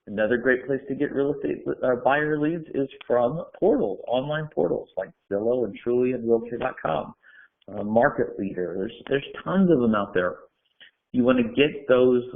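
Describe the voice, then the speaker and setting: Man coaching agents over a tinny line. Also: mid-range voice. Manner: direct, coaching, rhetorical questions. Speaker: real estate trainer. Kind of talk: instructional talk to camera. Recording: phone-like narrow sound.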